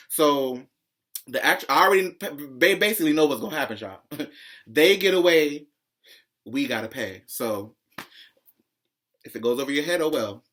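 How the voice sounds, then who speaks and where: A man hosting a pop-culture commentary vlog, talking in a sassy, profane, opinionated way and jumping higher in pitch when excited. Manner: profane, sassy, calls viewers "child"; opinionated ranting, swings high when excited. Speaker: vlog host.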